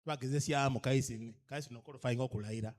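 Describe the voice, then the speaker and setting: A fast-talking man with a Ugandan accent and a steady, mid-range, slightly mellow voice gives a training lecture at a cultural leaders' orientation. He presses his audience emphatically with repeated rhetorical questions, switching between English and a local language.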